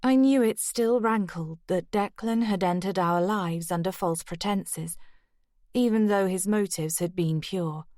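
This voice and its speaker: A woman reading a first-person mystery audiobook in a steady, measured way. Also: medium pitch, no room sound, studio quality. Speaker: audiobook narrator.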